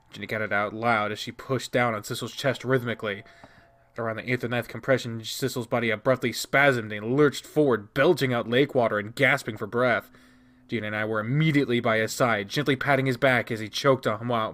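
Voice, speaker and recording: A man reading a visual novel aloud, narrating expressively with quick restarts. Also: mid-range voice, fairly bright tone. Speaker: game reader.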